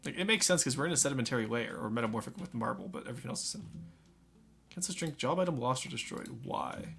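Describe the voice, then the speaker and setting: Guy streaming a game, chatty n jokey, mid pitch, faint music behind. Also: expressive, racing, vocal fry, a bit bright. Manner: chatty, joking, talks to chat. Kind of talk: casual live game commentary.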